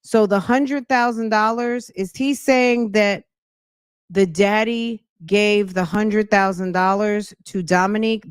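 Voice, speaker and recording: A woman's voice: mid-range voice, steady tone, slow pace, smooth, dry recording, studio quality. A woman hosting a podcast, chatting casually and a little out of breath, talking straight to her viewers with slang. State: slightly out of breath. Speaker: podcast host. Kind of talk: casual commentary chat.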